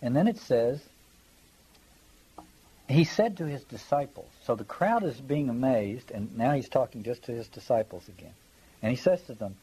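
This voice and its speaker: A man's voice: medium pitch, lively intonation, normal speed, mellow, slightly rough, rough recording. A man giving a conversational Bible study lecture, reading passages aloud and stressing his points while checking in with his listeners. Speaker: Bible teacher.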